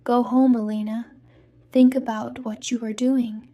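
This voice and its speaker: A woman's voice: a little high, level tone, a little slow, dark tone, lightly acted. A woman reading the lines of a stern male school director in a storybook.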